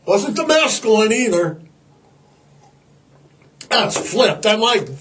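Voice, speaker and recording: A man's voice: sits high, very animated, takes it slowly, long pauses, a bit bright. A man hosting a podcast in a rambling, irreverent comic monologue, profane and stammering over fillers. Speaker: podcast host.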